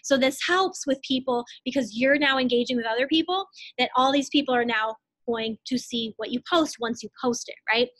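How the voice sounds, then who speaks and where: A young woman in her twenties coaching her team in a live online training, talking fast and casually with lots of "like"s and blunt asides. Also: sits high, fairly bright tone, no echo. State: out of breath.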